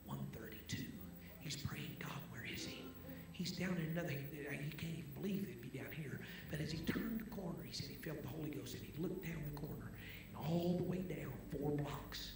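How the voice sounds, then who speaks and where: A man with a fairly high voice preaches in a church that rings with echo, organ-like music playing under him. He tells his stories with drama, dropping to hushed whispers and then rising to loud proclamation. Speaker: guest preacher. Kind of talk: sermon storytelling. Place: church sanctuary. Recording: echoey church with music behind.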